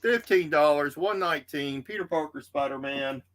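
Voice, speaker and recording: A man's voice: fairly high pitch, moderate pace, a bit bright, slight background noise. A man with a Southern US accent hosting a live comic book auction, easygoing and rambling with many fillers. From Texas. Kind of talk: live-stream sales patter.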